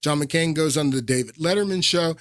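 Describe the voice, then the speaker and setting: A man's voice: fairly high pitch, brisk, fairly bright tone, no echo, studio quality. A male podcast host giving casual political commentary, rambling with many fillers and restarts and leaning hard on his points.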